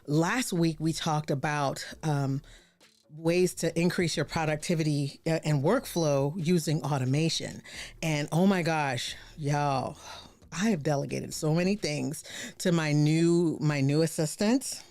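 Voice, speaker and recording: A woman's voice: deep voice, a little slow, darkish tone, no echo. A woman hosting a live stream in a casual, bubbly chat, full of slang, exclamations and frequent laughs, tired after staying up all night. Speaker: host.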